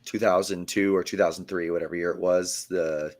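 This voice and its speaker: A man with a very deep voice, chatting on a sports podcast in a laid-back way. He recounts what he watched with plenty of ums and uhs. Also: fairly even intonation, fairly quick, a little mellow. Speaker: podcast co-host. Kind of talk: casual sports podcast chat.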